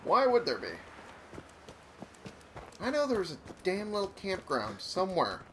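Brief: male gameplay commentator, lively pitch, self-deprecating and swearing, steady noise behind. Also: a little slow.

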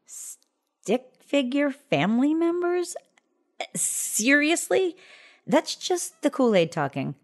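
A woman's voice: sits high, very animated, slow pace, full character voice. An actress playing a blunt, wisecracking female friend who gives tough love. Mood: mocking. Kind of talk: comedy sketch acting.

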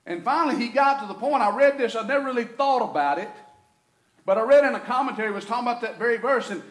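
A man with a Southern US accent preaching a sermon as pastor, folksy and swinging between loud and quiet. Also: high-pitched. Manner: folksy preaching, rising and falling in intensity. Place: church sanctuary. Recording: echoey church room.

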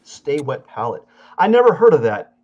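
A man's voice: a little high, sing-song, moderate pace. A man hosting an artist interview, playful and jokey, often stammering and restarting his questions. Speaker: interview host and art teacher. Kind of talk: casual interview. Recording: dull lo-fi audio.

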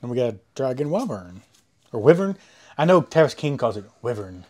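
A man's voice: mid-range voice, very fast, a little mellow. Crude, joking man opening a card box. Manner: crude joking, swears freely, rambling. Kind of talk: casual chat while unboxing. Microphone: close mic he says he overloads.

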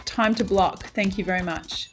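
A woman's voice: medium pitch, normal speed, soft background music. A middle-aged woman hosting a cooking channel, reading comments aloud in a playful, giggly way with frequent laughter.

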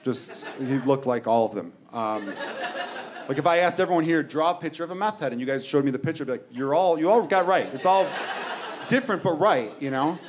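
Fast-talking comic dude, swears a lot, faint room hum behind. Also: male voice, medium pitch, expressive. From United States. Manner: brash, profane storytelling with audience asides. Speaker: stand-up comedian. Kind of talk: stand-up routine.

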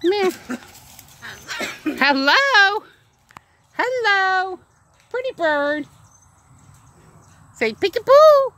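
A woman's voice: very high-pitched, big pitch swings, drawn-out words, pauses often, a bit bright. A woman vlogger outdoors at an animal attraction, coaxing birds in a sing-song voice. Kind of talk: casual chat, baby talk to animals.

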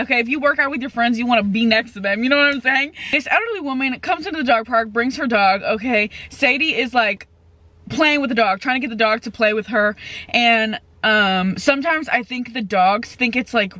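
A woman's voice: on the high side, a little fast, pushed and bright, no room sound. A woman in her twenties chatting casually as a vlogger, full of fillers and swearing freely, talking into a handheld camera. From California. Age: 20s. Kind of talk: casual vlog chat.

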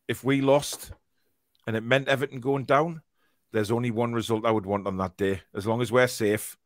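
A man's voice: mid-range voice, steady tone, moderate pace, no room sound, studio quality. A man hosting a casual fan podcast, reading out live comments and chatting, rambling with fillers and restarts. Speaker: podcast host.

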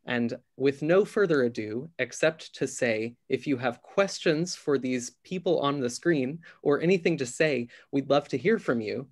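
A man's voice: medium pitch, lively intonation, a little slow, few pauses. A man hosting a theatre's patron night video call, giving polite welcome remarks with occasional uhs. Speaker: director of development, host.

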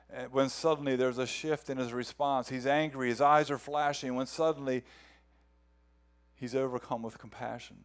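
Earnest pastor guy preaching, mid-pitched voice, keeps repeating words as he builds up. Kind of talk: sermon.

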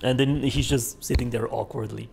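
A man's voice: medium pitch, steady tone, normal speed, gravelly, a little mellow, a little hiss or hum. A young adult man streaming a horror game, telling a rambling, profane anecdote with lots of fillers and laughter. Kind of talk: casual gaming stream storytelling.

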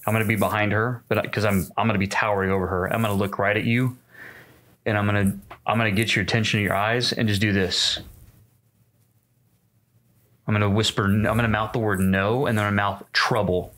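A man's voice: on the low side, little pitch movement, quick pace, pauses often, a bit bright. A man playing a tabletop game, describing his character's moves step by step in casual talk. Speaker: player.

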